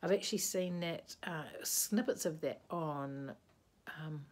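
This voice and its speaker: A woman chats in a casual video-reply vlog from her bedroom. Her voice is low and husky. She rambles sleepily, yawning between thoughts. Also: slow pace, a little mellow. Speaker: vlogger. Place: indoors, bedroom with a bedspread.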